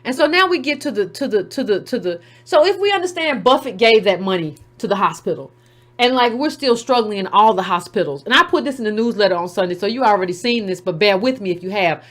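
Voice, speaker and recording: A woman's voice: mid-range voice, animated, fast talker. A woman hosting a call-in show who gives heated, sarcastic commentary. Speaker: host.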